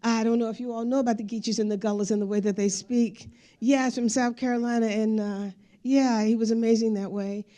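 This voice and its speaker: A woman's voice: on the high side, steady tone, fairly quick, mellow. A woman giving a speech, telling family stories while showing pictures. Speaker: speaker. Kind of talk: storytelling speech with slides.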